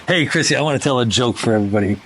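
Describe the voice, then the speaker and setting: A man hosting a casual chat, telling a long joke in a rambling way. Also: mid-range voice. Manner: rambling storyteller, quick bursts. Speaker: host.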